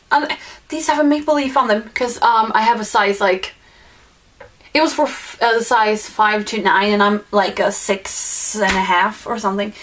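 A woman chatting casually at home while unboxing a gift package. She gushes excitedly and fills her talk with fillers and apologies. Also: on the high side. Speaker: vlogger opening a gift swap package. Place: at home indoors, in the evening.

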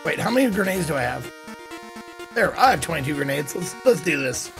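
A man streaming a game, giving casual commentary with quick, profane asides. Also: on the high side, sing-song, vocal fry, music in the background. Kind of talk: casual let's-play commentary.

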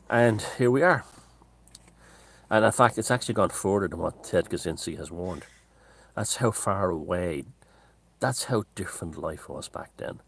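A man's voice: low voice, expressive, normal speed, vocal fry, slightly rough. A man hosting his own channel, talking in a casual unscripted monologue, discursive and opinionated, circling back to restate his points.

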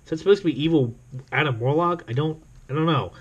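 A man's voice: on the high side, quick pace, breathy edge, muffled recording. A man reviews a comic in loose, casual commentary. He rambles and trails off, with many fillers. His remarks are dry and sarcastic, and he laughs often.

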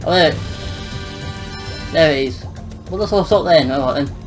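A man's voice: fairly high pitch, normal speed, soft background music, rough recording. A young man giving casual, joking let's-play commentary, muttering and swearing at the game. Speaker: gameplay commentator.

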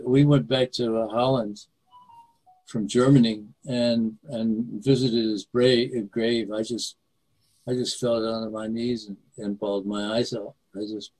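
An older man in his seventies, from New York State, recounts a personal story over a video call. He speaks haltingly, stumbling and restarting his words as he goes. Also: medium pitch, low-quality recording. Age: 70s. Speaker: interview guest, author.

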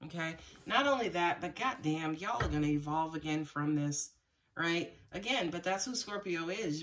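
A woman's voice: low-pitched, animated, moderate pace, a bit bright, distant mic. A woman giving a live tarot reading to her viewers, talking casually with plenty of swearing and frequent laughter. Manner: casual and profane, laughs often, talks straight to viewers. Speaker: tarot reader.

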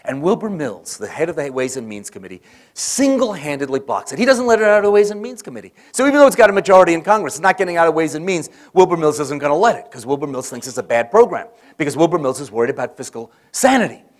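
A man's voice: a little high, big pitch swings, fast talker. A man giving a conference lecture, telling political stories and acting out the quoted voices. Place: conference hall.

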